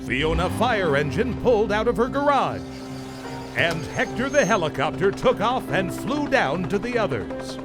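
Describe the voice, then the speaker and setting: A man narrating a children's storybook in an animated, expressive way. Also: sits high, normal speed. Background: music.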